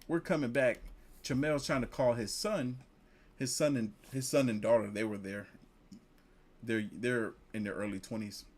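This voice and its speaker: A man telling a casual story, lively, jumping higher when he quotes people. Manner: animated, jumps up in pitch when quoting others.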